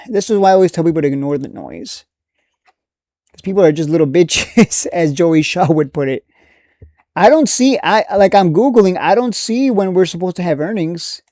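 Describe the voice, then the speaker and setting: Rambling, foul-mouthed man, a touch high. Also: darkish tone, no echo, clean studio sound. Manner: rambling, profane and dismissive, many restarts. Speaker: stock market streamer. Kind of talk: casual live-stream commentary.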